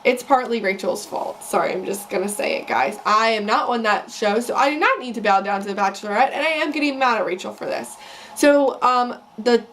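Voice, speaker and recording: A woman's voice: fairly high pitch, lively intonation, a little fast, fairly bright tone, a little hiss or hum. A young woman vlogging, casually and heatedly sharing her opinions in a rambling rant. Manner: opinionated, ranting. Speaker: vlogger recapping a reality show. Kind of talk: casual chat.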